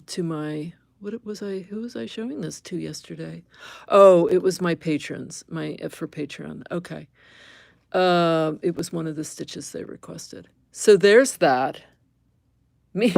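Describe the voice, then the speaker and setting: A woman's voice: lowish voice, vocal fry, a little mellow, no echo. A middle-aged woman teaching embroidery on a live stream, thinking aloud as she stitches, correcting herself and chatting with viewers.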